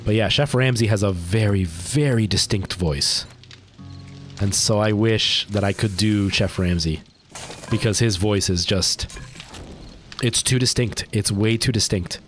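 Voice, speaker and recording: A man's voice: fairly low pitch, a little slow, soft background music. A man livestreaming a game, chatting casually and rambling to his chat while he plays. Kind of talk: casual gameplay stream chat.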